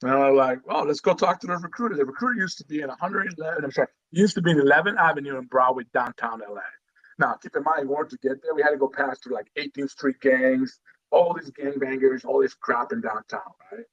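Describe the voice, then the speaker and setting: A middle-aged man from Guatemala, a retired Marine telling his story as a guest in a casual podcast interview, animated and full of "you know"s. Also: mid-range voice, fast talker, lo-fi sound.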